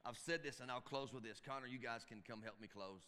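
Folksy preacher in an echoing church. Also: male voice, medium pitch, brisk, bright, forceful tone, smooth. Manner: folksy Southern preacher, emphatic, repeats phrases. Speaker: pastor. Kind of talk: sermon to church volunteers. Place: church sanctuary. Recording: long reverb of a church hall.

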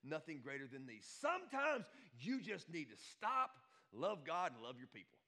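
A male pastor preaching a lively sermon, swinging from shouts to hushed asides. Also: a little high, moderate pace.

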